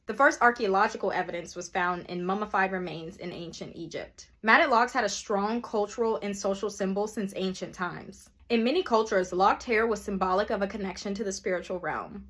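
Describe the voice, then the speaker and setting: A woman with a medium-pitched voice reads an informative history segment. Her delivery stays even and scripted. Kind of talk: scripted narration.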